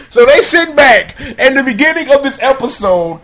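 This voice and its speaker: High-pitched young male vlogger, animated and profane, riffing through a show recap. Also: moderate pace, few pauses. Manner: slangy, profane, animated storytelling. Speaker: vlogger reviewing a TV episode. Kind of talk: casual comedic review.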